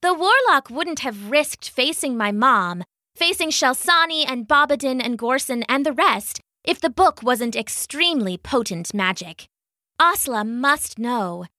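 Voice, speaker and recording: Woman doing a high earnest young girl, storybook kid on a quest, lively voice. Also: a little slow, no room sound, studio quality, heavily acted. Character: young girl druid's daughter, earnest and determined.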